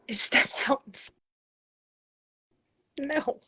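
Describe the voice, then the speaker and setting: A young woman from Canada chats through a phone livestream, reading out fan questions and answering each one casually. Her voice sits a little high, with a gravelly, husky edge, and sounds dry and close to the phone. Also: steady tone, normal speed, no echo. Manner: reads questions aloud then answers chattily. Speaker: professional soccer player answering fan questions.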